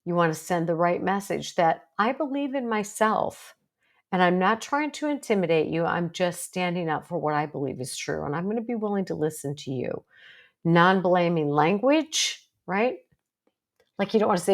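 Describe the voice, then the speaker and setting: A woman's voice: on the low side, moderate pace. A woman psychologist with a strong, assertive voice, giving an educational talk to viewers in a direct, coaching way. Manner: direct, coaching, self-deprecating asides.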